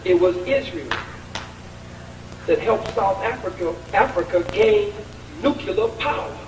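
A man's voice: high voice, lively intonation, measured pace, background noise. A man giving a combative, taunting public speech with a preacher-like cadence at a college event. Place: large college lecture hall. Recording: echoey hall recording from far off.

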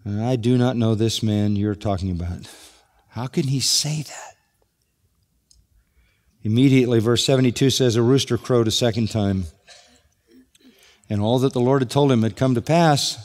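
A man's voice: medium pitch, a little mellow. A man preaching a sermon, walking through a passage verse by verse with rhetorical questions. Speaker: pastor. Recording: long hall reverb.

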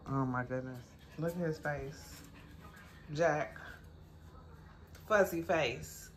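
A woman with a lowish voice chats casually into her phone at home, teasing her dog with playful scolding and baby talk. Her speech is loose and colloquial. The recording carries plenty of background noise. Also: slow, long pauses. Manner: informal, colloquial grammar. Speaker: vlogger. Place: home, indoors.

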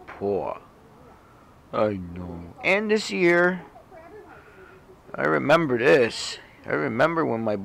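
Gravelly man cooing to his cat. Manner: coos in a high baby-talk voice to the cat, then drops low to explain. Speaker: cat owner vlogger. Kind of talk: casual talk to his cat on camera.

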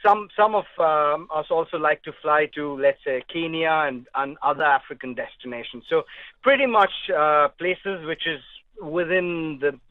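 Guy on a phone line, kinda tinny, relaxed, lots of ums, slightly high voice. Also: no echo. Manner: relaxed, halting, with many fillers. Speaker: travel journalist guest. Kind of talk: phone-in radio interview.

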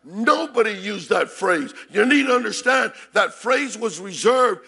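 High, gravelly preaching pastor, man. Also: expressive, unhurried. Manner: shouts and repeats phrases, calls to congregation. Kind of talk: sermon. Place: church sanctuary.

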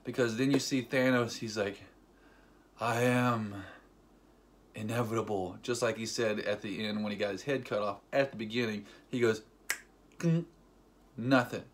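A man vlogging a casual, excited movie recap, rambling with fillers and acting scenes out with sound effects like "boom" and "ding.". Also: fairly quick, few pauses, a little hiss or hum. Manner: animated storyteller with sound effects; loose, rambling, filler-heavy delivery.

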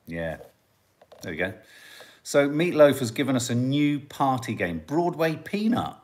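A man hosting a casual family livestream, chatting and joking as he reads out viewer comments. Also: fairly low pitch. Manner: chatty, jokey, musing aloud. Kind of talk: casual live chat, reading out viewer comments.

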